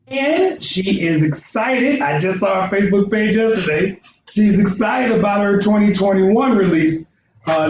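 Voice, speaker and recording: A man's voice: a little high, darkish tone, echoey room, slight background noise, rough recording. A man hosting a show, introducing a guest conversationally with fillers. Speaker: host.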